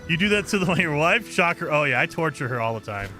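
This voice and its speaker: A man's voice: a little high, animated, quick pace, pushed and bright, soft background music. A man streaming a game, chatting casually with viewers in a joking, teasing way and laughing often. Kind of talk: casual live commentary while playing.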